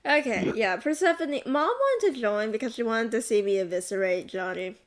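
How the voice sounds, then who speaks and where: A high-voiced woman with an American accent trades casual banter as a co-host. She laughs easily and swears freely, pushing back playfully whenever she's teased. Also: lively intonation, normal speed.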